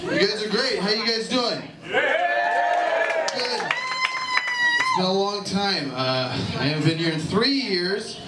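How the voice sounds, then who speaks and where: A man's voice: very high voice, huge pitch swings, slow, pauses often, very noisy. A man from Ohio doing a stand-up comedy set, chatting and teasing the crowd with lots of "uh" fillers. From Columbus, Ohio. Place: comedy club stage with a live crowd. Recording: roomy club sound from far off, loud ambience.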